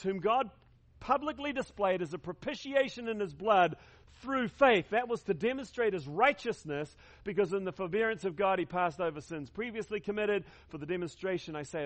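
High-voiced emphatic male preacher. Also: a bit bright. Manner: emphatic, repeats key words, leads congregation in call-and-response. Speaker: pastor. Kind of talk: sermon.

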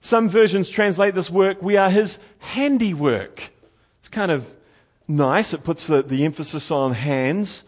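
A middle-aged man preaching a sermon as pastor, earnest, slowing down to stress key words. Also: on the high side.

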